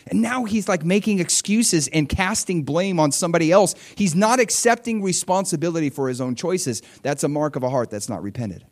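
A man in his forties preaching a sermon as a pastor, in an animated, conversational style that swings between quiet asides and loud bursts. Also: fairly high pitch, brisk, hardly any pauses. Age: 40s.

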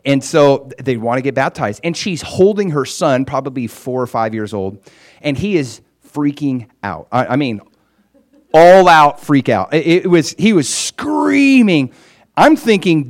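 A man casually recounting a ministry trip, growing animated and loud as the story builds. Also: unhurried. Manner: animated, gets loud and high when excited; frequent fillers and restarts. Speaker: traveling minister.

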